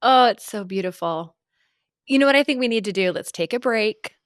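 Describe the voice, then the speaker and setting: A woman's voice: on the high side, lively intonation, moderate pace, no room sound, clean studio sound. A woman in her thirties co-hosting a podcast in casual chat, reflective and affirming as she wraps things up. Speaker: podcast co-host.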